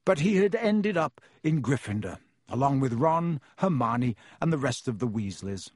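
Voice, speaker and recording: A man reading a storybook aloud in measured, expressive scripted narration, with a husky voice. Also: medium pitch, dry recording, clean studio sound. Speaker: audiobook narrator.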